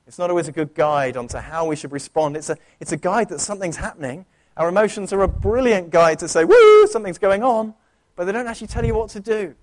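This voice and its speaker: Male pastor, higher-pitched voice, conversational and earnest sermon delivery. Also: quick pace. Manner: conversational, earnest, with frequent restarts. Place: church.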